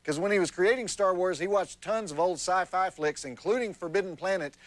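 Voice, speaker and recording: A man's voice: sits high, dry recording. Wisecracking man hosting a movie night. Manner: wry, deadpan jokey delivery. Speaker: TV movie host.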